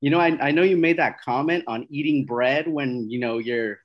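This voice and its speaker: A man's voice: medium pitch, normal speed, muffled recording. A man in casual podcast chat, rambling through a story, repeating words and laughing at himself.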